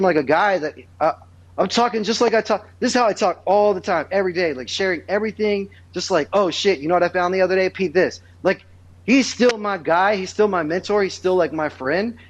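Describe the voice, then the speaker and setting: A man with a notably high voice spins loose, meandering stories, piling on fillers and starting sentences over. The audio is muffled and lo-fi, like a modest podcast setup. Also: a little fast. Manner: rambling, filler-heavy, restarts sentences. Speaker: guest. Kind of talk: casual storytelling chat.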